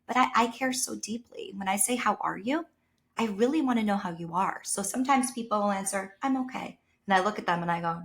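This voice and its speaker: A woman teacher with a New York accent, a podcast guest telling lively personal stories and acting out the people she quotes. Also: medium pitch, fairly quick. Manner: animated storyteller, voices quoted people, sometimes drops to a whisper. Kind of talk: casual conversation.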